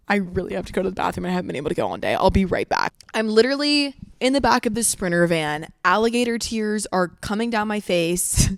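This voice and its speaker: Young female podcast host, casual storyteller, profane and giggly, mid-pitched voice. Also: brisk, creaky, dry recording, clean studio sound. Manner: swears freely, lots of "like"; animated, laughs while telling.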